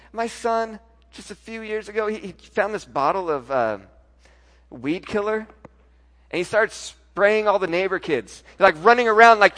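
A pastor preaching a sermon, telling a personal story, moving from soft, intimate lines to loud, emphatic ones. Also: male voice, high-pitched.

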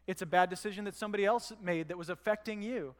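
A man's voice: sits high, quick pace, long reverb tail. A man preaching a sermon as pastor, talking to the congregation in a conversational way and asking them rhetorical questions. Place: church hall.

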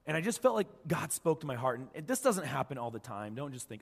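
A man's voice: medium pitch, very animated, quick pace, vocal fry, long reverb tail. A man preaching a sermon as pastor, telling the story casually and acting out the quoted voices of the people in it.

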